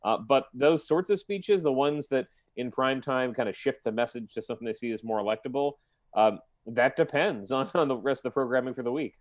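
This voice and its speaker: A man's voice: medium pitch, fairly quick, no room sound. A man giving political analysis on a live news panel, thinking aloud with frequent restarts. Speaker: political reporter.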